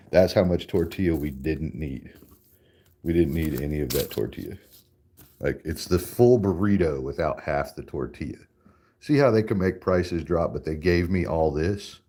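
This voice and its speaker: A man with a mellow bass voice hosts a casual livestream, chatting while he eats. He rambles, swears freely, and laughs often.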